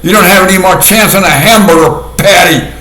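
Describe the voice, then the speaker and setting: A man talks through a casual commentary with a sardonic edge and keeps breaking into laughter at his own dark jokes. His voice sits fairly high, and the sound rings around an echoey room. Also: fairly quick. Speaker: video commentator.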